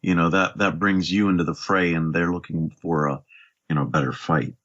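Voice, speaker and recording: A man's voice: low voice, steady tone, moderate pace, fairly bright tone, lo-fi sound. A man co-hosting a podcast, chatting casually about a game in an easygoing way, hedging with fillers. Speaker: podcast co-host.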